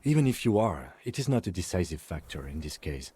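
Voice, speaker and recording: An actor playing a calm, reserved male police lieutenant in a video game, speaking in a measured, matter-of-fact way. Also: deep voice, husky, no echo, full character voice.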